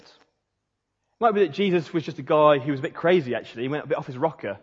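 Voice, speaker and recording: A preacher with a fairly high, husky voice tells his sermon like a story. His words ring out with a long reverb through a big hall, and the sound is a little dull, as if picked up from across the room. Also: fast talker. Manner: storytelling, animated, dropping to a hushed voice for emphasis.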